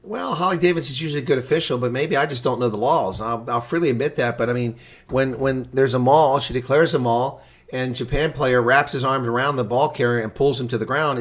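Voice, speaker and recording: A man streaming his own live rugby play-by-play with his pitch in a middling range. He calls the action in a steady voice, then erupts when a play excites or angers him. Between plays he chats back to his viewers. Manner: excitable, swings from calm calling to loud outrage. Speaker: livestream rugby commentator. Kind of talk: live reaction play-by-play commentary.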